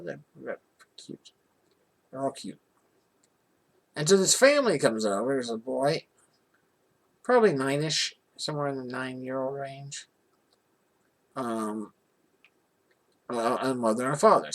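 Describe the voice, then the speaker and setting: A vlogger telling a personal story in a casual, rambling way, with restarts and rising indignation. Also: mid-range voice. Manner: rambling and animated, with many restarts.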